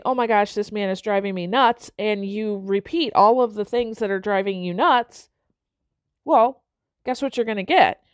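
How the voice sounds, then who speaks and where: A woman's voice: fairly high pitch, no room sound. A woman giving a motivational self-development talk, often checking in with her listeners. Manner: frequent checking-in tags like okay and right.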